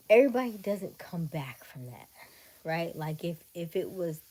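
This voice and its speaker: Mellow-voiced woman retelling gossip. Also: sits low, moderate pace, creaky. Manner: animated, incredulous retelling. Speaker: livestream host. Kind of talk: casual storytelling to chat.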